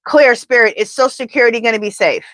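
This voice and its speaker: A woman doing a live pendulum reading, talking in an animated, indignant, chatty way. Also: a little high, fast, dry recording. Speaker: tarot reader.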